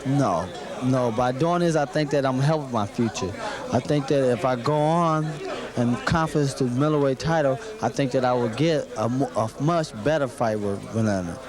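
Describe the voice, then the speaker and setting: Halting young boxer over crowd chatter. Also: male voice, mid-range voice. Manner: halting, repeats himself, plain earnest talk. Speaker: boxer being interviewed. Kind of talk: press conference interview answers.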